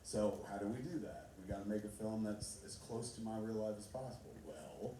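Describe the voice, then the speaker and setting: A middle-aged filmmaker with a mellow, steady, fairly low voice tells loose, rambling stories on stage in a large theater, swearing constantly and laughing often. He talks a little fast, and the audio is captured from far off in an echoey, noisy hall.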